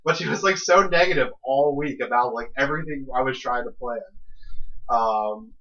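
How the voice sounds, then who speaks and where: Bright-voiced rambling young man. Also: medium pitch, normal speed. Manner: rambling storyteller with many restarts and fillers. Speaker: podcast co-host. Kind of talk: casual chat. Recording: dull lo-fi podcast audio.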